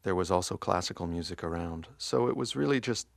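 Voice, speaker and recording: A man with a very low voice and a gravelly edge talks quietly in an interview, often restarting his sentences. He is from New Jersey. The sound is dry and close. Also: animated, fairly quick, no echo. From Montclair, New Jersey. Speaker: guest musician. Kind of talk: casual interview chat.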